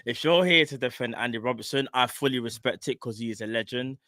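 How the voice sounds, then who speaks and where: A man's voice: medium pitch, fast, sharp tone, no room sound, studio quality. A man co-hosting a casual football chat, teasing the others with a laugh. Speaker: co-host.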